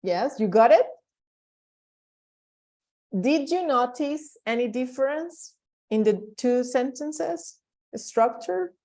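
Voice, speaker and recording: A woman's voice: sits high, expressive, slow pace, pauses often, mellow. A woman teaching an English class over a video call, explaining patiently and repeating examples with lots of fillers.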